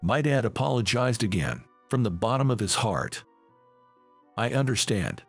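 Gravelly-voiced male storyteller. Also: medium pitch, sing-song, moderate pace, soft background music. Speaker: narrator. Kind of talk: scripted first-person story narration.

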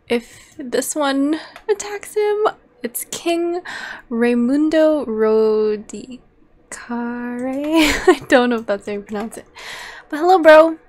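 A young woman with a high voice talks through her gameplay in a slow, unhurried way. She comments casually and reacts easily, gasping and laughing at what the game throws at her. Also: a little mellow. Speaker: let's play gamer.

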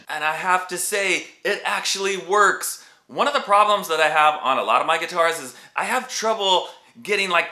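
Man, guitar review host, chatty and enthusiastic, slightly high voice, roomy echo. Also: bright, forceful tone. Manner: chatty, enthusiastic, addresses viewers as guys. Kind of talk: casual product review and demo. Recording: echoey room.

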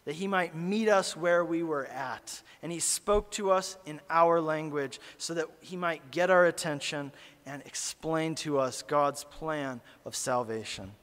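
A man preaching a sermon as a pastor, telling a story and swinging from hushed asides to loud, animated calls. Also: fairly high pitch, big-room sound. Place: church sanctuary.

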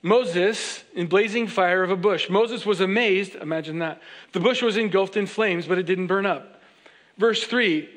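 A man preaching a sermon, reading scripture aloud and breaking into joking, animated asides where he acts out the characters. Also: high voice, unhurried. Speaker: pastor. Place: church sanctuary.

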